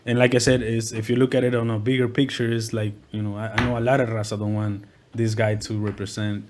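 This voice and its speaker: A man's voice: on the low side, level tone, quick pace, noisy background. A man who is a rapper, talking as a guest in casual chat, hesitant and repeating words with lots of fillers.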